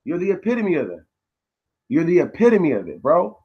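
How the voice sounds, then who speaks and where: Man, high voice, angry profane live-stream rant, repetitive, argues with chat. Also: wildly swooping pitch, fairly quick, breathy edge, muffled recording.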